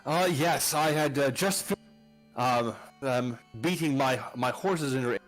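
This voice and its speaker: A man's voice: medium pitch, faint music behind, lightly acted, low-quality recording. A man as a bumbling, stammering archduke. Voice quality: halting, full of ums and restarts. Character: bumbling rambling male archduke. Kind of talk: improvised tall-tale storytelling.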